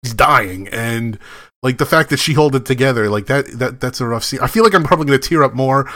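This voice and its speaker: A man's voice: mid-range voice, animated, a little fast, bright, forceful tone. A man co-hosting a podcast, rambling in casual chat, with lots of "like" and restarts. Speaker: podcast co-host.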